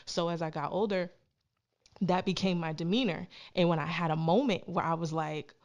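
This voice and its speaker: Woman from Canada, podcast guest, lowish voice, animated storyteller who does the voices. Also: moderate pace. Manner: animated, acts out quoted voices. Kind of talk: personal storytelling in casual chat.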